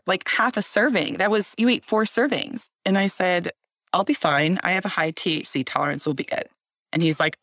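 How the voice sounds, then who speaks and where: A woman telling a story in casual chat as a guest, animated and acting out voices. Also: fairly low pitch, no echo, studio quality. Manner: animated, acts out voices in her stories.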